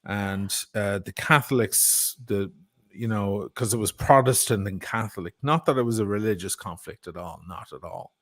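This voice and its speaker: A middle-aged Irish man telling stories in a casual chat, animated and quick to swear and laugh. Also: on the low side. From Ireland. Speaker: guest.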